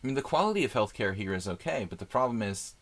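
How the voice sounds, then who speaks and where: A middle-aged man with a fairly low voice talks through a live chess stream. His speech rambles along, full of fillers and restarts, as he thinks aloud about the position between side remarks. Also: sing-song, fast talker. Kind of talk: casual live-stream chat while playing.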